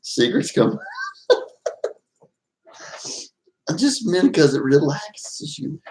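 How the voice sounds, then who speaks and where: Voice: mid-range voice, animated, unhurried, darkish tone, a little hiss or hum, poor audio. A live-stream host in casual, playful chat with viewers, giggling often and teasing in a folksy way.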